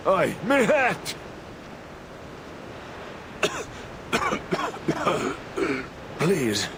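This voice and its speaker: An actor playing a destitute male beggar who pleads slowly, broken by coughs. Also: medium pitch, background noise.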